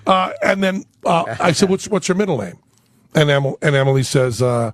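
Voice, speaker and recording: A middle-aged man, a guest on a radio talk show, telling family stories in an animated, foul-mouthed way. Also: a little high, a little fast, no room sound, studio quality. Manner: storytelling, animated, swears freely. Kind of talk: casual radio chat.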